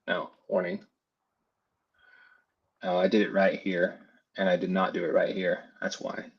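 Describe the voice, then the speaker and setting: Male tutor, low gravelly voice, muffled lo-fi mic, mutters through his steps. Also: flat delivery, unhurried. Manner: thinks aloud while building, talks to himself. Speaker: FlutterFlow trainer. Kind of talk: casual screen-share tutorial.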